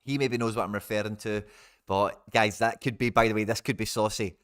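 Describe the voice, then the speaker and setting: A man's voice: fairly low pitch, fairly even intonation, fairly quick, a bit bright, clean tone, no room sound, clean studio sound. A man hosting a live stream, reading announcements aloud and chatting with asides. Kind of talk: casual live stream commentary.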